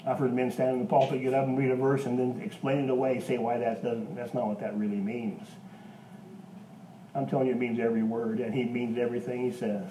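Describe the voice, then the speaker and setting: A pastor preaching a sermon in a church, with an emphatic, folksy manner and homespun asides. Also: male voice, mid-range voice, level tone, brisk, dark tone, reverberant, distant mic, a little hiss or hum, low-quality recording.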